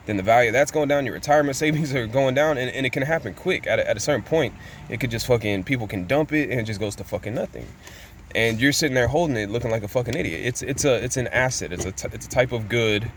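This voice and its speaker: Profane ranting man, faint street noise. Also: mid-range voice. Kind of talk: casual monologue.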